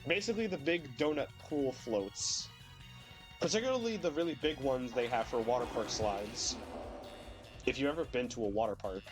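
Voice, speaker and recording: A man's voice: mid-range voice, animated, moderate pace, over music. A young man streaming a video game while sick, rambling casually with lots of fillers and the odd swear, his voice cracking at times. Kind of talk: casual gameplay commentary.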